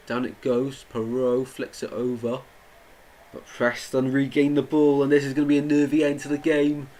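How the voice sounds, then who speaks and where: A young man streams a live football watchalong, commentating on the match, chatting with viewers and getting indignant at the play. His voice is medium-pitched with a darkish tone. The recording is rough, with slight background noise.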